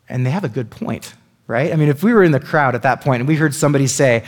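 A fast-talking man with a mid-range voice gives a casual Bible teaching. He's chatty and sprinkles in lots of "like" and "right?" asides to check in with his listeners.

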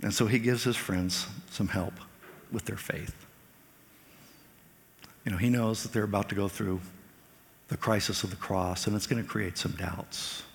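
A man preaching a sermon as pastor, animated, raising his voice when he acts out quoted lines. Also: fairly low pitch, a little slow, gravelly, long pauses, big-room sound, slight background noise.

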